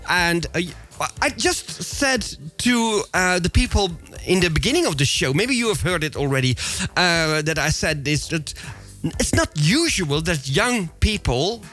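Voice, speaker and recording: A man hosting a casual radio interview, animated and laughing often, with halting restarts. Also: high-pitched, soft background music. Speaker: radio show host.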